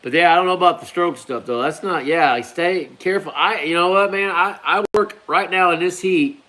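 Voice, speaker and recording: Easygoing guy rambling on a live stream, kinda higher voice, says man and bro a lot. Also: moderate pace, sharp tone. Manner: laid-back, rambling, peppers talk with "man" and "bro". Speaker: hot pepper grower hosting a live stream. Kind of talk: casual live-stream chat.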